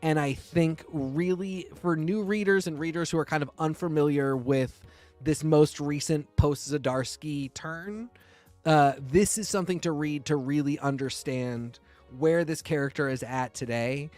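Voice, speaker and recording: A man co-hosting a comic book podcast, talking in an earnest, animated way and quick to jump in. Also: on the high side, faint music behind. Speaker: podcast co-host. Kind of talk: casual comic book chat.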